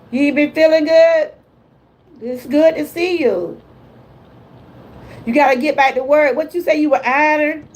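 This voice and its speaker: In a low-quality recording, a high-voiced older woman runs a relaxed, uplifting livestream as a lifestyle vlogger. She's chatty and homespun, addressing her audience while reading their comments aloud.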